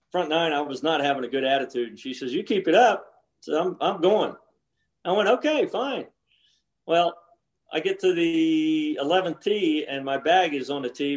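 A man who is a golfer guest, telling relaxed, wry stories in a casual chat. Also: fairly high pitch. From Maryland. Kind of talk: casual anecdotes.

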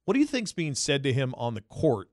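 A man co-hosting a sports podcast, telling stories in an animated way and jumping up in pitch when he quotes people. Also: fairly quick, dry recording, studio quality. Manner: animated storyteller, jumps high when quoting people. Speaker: podcast co-host. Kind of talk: casual sports talk.

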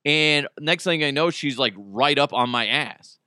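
A man in his thirties hosting a podcast, telling a story in casual chat, animated and profane, with his voice jumping up in outbursts, on a close microphone. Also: on the high side, unhurried, clean tone, no room sound. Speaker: podcast host. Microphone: close studio microphone.

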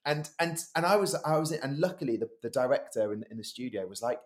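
Man, voice-over artist, podcast co-host, lively storyteller, very expressive pitch. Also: fast talker. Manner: lively storyteller, acts out quoted lines. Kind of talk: casual chat.

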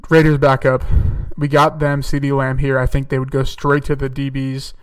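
A young man chats his way through football picks in a level, even tone, pausing on fillers and correcting himself as he goes. His voice is smooth and clear but sits a little back from the microphone. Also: mid-range voice, recorded from a distance. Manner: chatty, thinks aloud with fillers and self-corrections. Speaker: podcast host. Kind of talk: casual solo mock-draft commentary.

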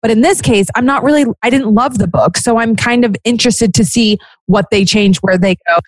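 A woman's voice: a little high, fairly quick, no room sound. Candid pregnant woman in dry close sound. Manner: rambling, restarts often, candid. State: heavily pregnant. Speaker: podcast guest. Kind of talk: casual chat.

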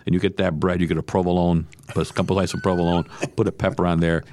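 An older man, a parish priest, chatting and joking as a guest in an interview, animated and quick with humor. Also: low voice, slight background noise. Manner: animated and joking, lively storyteller. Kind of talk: casual interview chat.

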